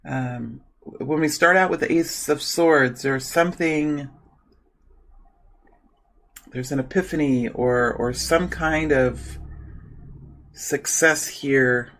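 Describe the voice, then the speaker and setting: A man with a slightly high voice gives a solo tarot reading. He speaks softly in his morning voice and repeats his invocations over and over as he shuffles the cards. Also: slow pace, pauses often, poor audio. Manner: soft-spoken, repeats invocations while shuffling. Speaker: tarot reader.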